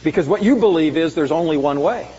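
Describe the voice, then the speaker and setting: A man preaching a sermon with emphatic delivery, swinging sharply between loud and soft. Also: animated, fast. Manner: emphatic preaching, dramatic swings in pitch and volume. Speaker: pastor. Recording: muffled sound with long hall reverb.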